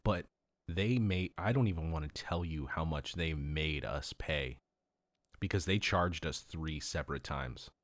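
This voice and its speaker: A man with a very low voice tells travel stories in loose, profane casual chat. He rambles, laughs often, and sounds dry and close to the mic. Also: measured pace, dry recording. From Los Angeles.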